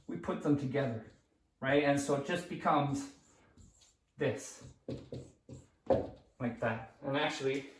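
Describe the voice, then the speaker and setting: A man with a slightly raised voice walks through a grammar lesson at a whiteboard, steady and patient, pausing to ask "right?" and fixing his own words as he writes. His voice is caught from across an echoing room by a distant camera mic. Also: a little high. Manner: patient explaining, frequent checking "right?" and "okay?"; restarts and self-corrections while writing. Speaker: English teacher.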